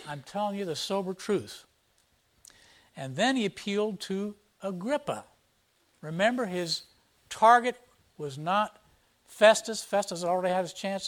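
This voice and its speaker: A man preaching a verse-by-verse sermon, explaining scripture in a plain teaching tone and reading passages aloud with emphasis. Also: sits high. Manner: emphatic, reads scripture aloud with rising force. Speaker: pastor. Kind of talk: expository sermon.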